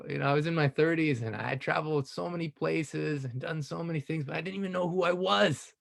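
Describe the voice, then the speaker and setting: A man, around his thirties or forties, sharing a personal story in an animated, enthusiastic way, laughing often and filling pauses with "you know.". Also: a little high, gravelly. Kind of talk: casual testimonial storytelling.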